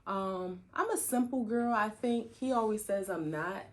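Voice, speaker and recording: A woman's voice: mid-range voice, measured pace, a little mellow. A woman co-hosting a podcast, chatting candidly with her husband and laughing often. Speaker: podcast co-host. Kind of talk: casual chat.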